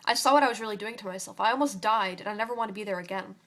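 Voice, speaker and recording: A young woman reading her own story aloud in a quiet, halting way, with fillers and restarts. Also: medium pitch. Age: young adult.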